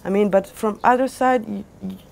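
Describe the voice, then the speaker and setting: A young woman DJ telling her story to an audience in animated, non-native English with small grammar slips, lots of fillers and restarts. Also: mid-range voice, moderate pace, gravelly. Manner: animated, acts out quoted dialogue. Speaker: DJ giving a lecture.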